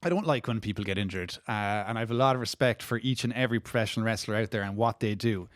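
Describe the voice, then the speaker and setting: A man's voice: fairly low pitch, fast talker, no echo. Man, Irish accent, playful, mock-serious, co-host, dry close sound. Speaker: podcast co-host. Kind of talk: casual chat.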